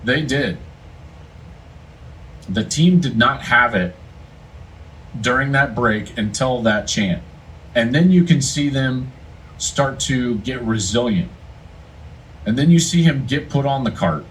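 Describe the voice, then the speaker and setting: A man's voice: mid-range voice, fairly bright tone, recorded from a distance, slight background noise, rough recording. A man giving a football analyst's emphatic, storytelling breakdown of a game moment. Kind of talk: casual commentary breakdown.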